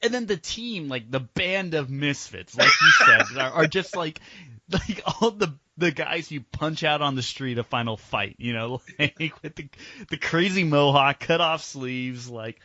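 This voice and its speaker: A man's voice: a little high, huge pitch swings, measured pace, sharp tone, slight background noise. A man co-hosting a casual podcast review, ranting with lots of fillers and swearing. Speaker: podcast co-host. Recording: dull lo-fi sound.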